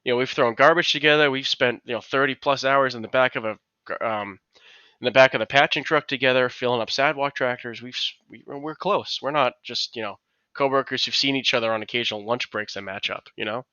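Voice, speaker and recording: A man's voice: medium pitch, brisk, sharp tone, clear, resonant tone, no echo, muffled recording. A man co-hosting a podcast, telling a long anecdote in casual chat, rambling with many restarts and acted-out quotes. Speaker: podcast co-host.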